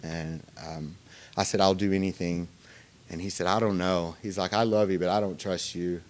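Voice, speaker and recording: A man's voice: low-pitched, fairly even intonation. Man telling his story. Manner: conversational storytelling, many fillers and pauses. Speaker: recovery meeting speaker. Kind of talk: personal recovery story. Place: meeting room.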